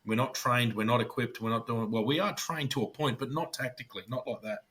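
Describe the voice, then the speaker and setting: A man's voice: medium pitch, fairly even intonation, a little fast, fairly bright tone. An Australian man, a former police officer co-hosting a podcast, telling blunt war stories in a casual chat, swearing freely and acting out what colleagues said.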